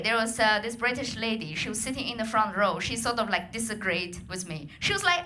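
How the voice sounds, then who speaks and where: A young woman with a Chinese accent performs stand-up on a comedy club stage, her voice high, bright and animated. She talks into a handheld mic with a faint hum of the room behind her. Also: brisk, hardly any pauses. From China. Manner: animated, lively voice acting of others.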